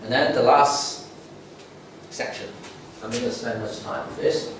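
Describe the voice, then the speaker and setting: This man preaches as a layperson in a church sanctuary, keeping it conversational and checking in with repeated "okay?" and "right?" tags. His medium-pitched voice holds a steady tone at a slightly slow pace. Picked up by a distant mic, the audio is echoey with a little hiss or hum.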